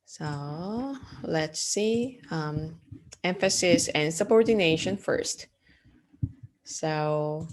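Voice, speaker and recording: A woman teaching an art class, explaining design terms step by step with frequent ums and uhs and questions to the class. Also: low voice. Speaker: art instructor. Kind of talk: lecture.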